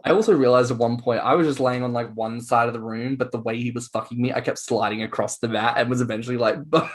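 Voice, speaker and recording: A man co-hosting a podcast, telling stories in a playful, animated way with quick mock voices. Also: medium pitch. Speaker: podcast co-host. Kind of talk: casual chat.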